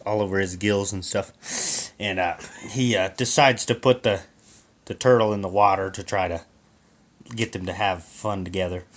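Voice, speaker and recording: Lively male storyteller, jumpy delivery, stumbles over words. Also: lowish voice. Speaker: co-host storyteller. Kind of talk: improvised comic storytelling.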